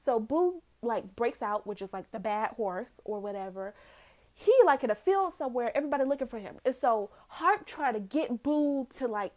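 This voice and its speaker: A young woman with a slightly high voice chats through a movie recap like she is telling a friend. She tells it with animation, and she slips into the characters' lines as she goes. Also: darkish tone. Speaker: vlogger.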